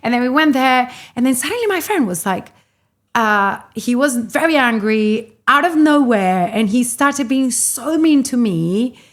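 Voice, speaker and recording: A middle-aged woman from Colombia with a Colombian Spanish accent, telling a lively story as an interview guest, often laughing. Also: a little high, unhurried. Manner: animated, laughs while telling stories. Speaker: guest, entrepreneur.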